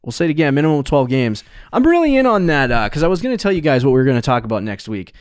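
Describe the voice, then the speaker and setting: A man's voice: fairly high pitch, big pitch swings, rapid-fire, smooth, no room sound, studio quality. A young man co-hosting a casual sports podcast, rambling, correcting himself mid-sentence and laughing often as he talks into a podcast mic. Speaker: podcast co-host.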